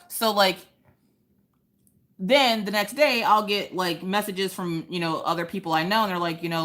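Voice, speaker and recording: A young woman hosting a casual crafting livestream from home, ranting animatedly with sudden high exclamations. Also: a little fast, a bit bright. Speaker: livestream host. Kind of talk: casual chat while crafting.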